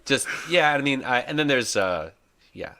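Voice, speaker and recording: A man on a casual podcast, telling animated stories with frequent laughs and casual swearing. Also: mid-range voice, normal speed, a little hiss or hum. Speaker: podcast guest or host.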